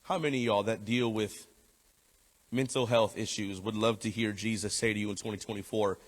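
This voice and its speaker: A male pastor preaching a sermon, emphatic and repeating key phrases, and at times dropping low and soft for tender appeals. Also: steady tone, fairly quick. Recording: echoey hall.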